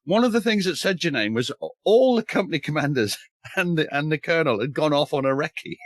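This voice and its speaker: Eager historian, dry sound. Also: male voice, fairly high pitch, animated, brisk, no echo. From north of England. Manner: enthusiastic, wry humor, mild swearing, frequent restarts. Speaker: historian and author. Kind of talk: casual podcast chat.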